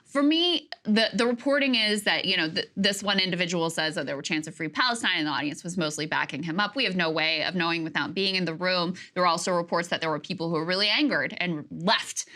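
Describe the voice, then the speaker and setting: A woman co-hosting a political news show, chiming in quickly and conversationally. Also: on the low side, bright, forceful tone. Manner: quick conversational, chimes in and hedges. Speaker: co-host.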